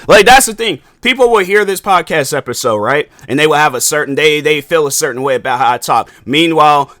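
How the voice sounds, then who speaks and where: Bright, high-ish casual man. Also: no room sound, studio quality. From Washington, US. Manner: loose, conversational, repeats and restarts often. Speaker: podcast host. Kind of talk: casual solo podcast monologue.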